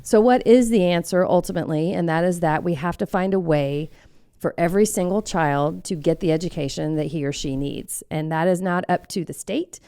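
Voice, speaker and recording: A woman's voice: on the low side, brisk, dark tone, clear, resonant tone, dry recording, studio quality. A woman from Kentucky who leads an advocacy group, answering interview questions in a thoughtful, explanatory way. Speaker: executive director of an advocacy group.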